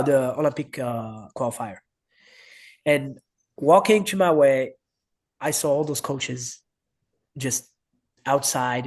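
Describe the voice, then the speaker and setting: A man's voice: mid-range voice, darkish tone. A man in his thirties from France with a French accent, a wrestling coach telling a story as a podcast guest, animating the quoted voices in broken English. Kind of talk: casual interview storytelling.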